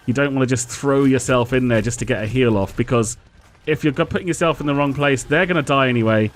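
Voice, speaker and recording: A man's voice: mid-range voice, fast talker. A man, co-hosting a casual gameplay critique show and dryly teasing his co-host while explaining tactics. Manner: dry, teasing critic who lectures on tactics.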